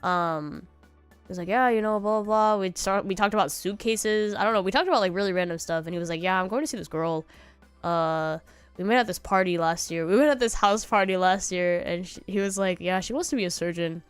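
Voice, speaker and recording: A woman's voice: mid-range voice, brisk, smooth, no echo, soft background music. A young woman streaming from home, chatting casually and telling rambling stories in a loose, laughing way. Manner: rambling storytelling with laughs and quoted voices.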